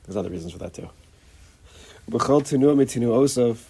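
Very husky, gravelly man teaching. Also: mid-range voice, warm tone. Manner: halting, repeats words, acts out little dialogues. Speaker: religious teacher. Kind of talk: informal Torah lecture.

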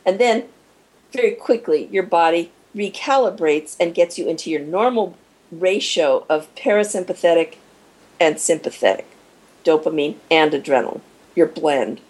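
A woman with a husky, slightly breathy voice speaks as an interview guest. Her pitch swings widely as she explains, and she slips into little acted-out inner voices to make her points. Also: moderate pace, poor audio. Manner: animated, acts out little scenes with quoted inner voices. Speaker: guest expert on shock and recovery.

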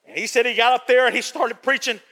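A man preaching a sermon as pastor, emphatic and repetitive, swinging between loud and hushed delivery. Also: extremely high pitch, fairly even intonation, quick pace. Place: church. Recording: long church reverb.

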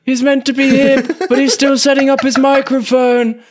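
A man voicing a confused elderly man in a care home, talking slowly and shakily. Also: extremely high pitch, little pitch movement, pitched above the performer's own voice. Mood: doddery. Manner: slow, quavering and confused.

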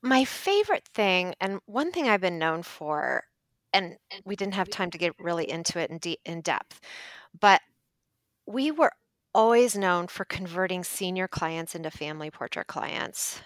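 Middle-aged woman guest, lively anecdote-teller, close and dry. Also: unhurried, no room sound. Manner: animated, acts out quotes with big pitch jumps. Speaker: podcast guest, photographer. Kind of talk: casual storytelling.

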